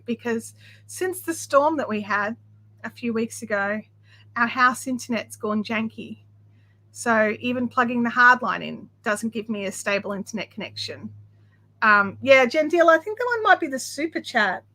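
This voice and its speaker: An Australian woman with a high, bright, crisp voice hosts a craft livestream at home, talking at normal speed. Her casual chat is effusive, as she reads viewer comments aloud amid lots of fillers and restarts.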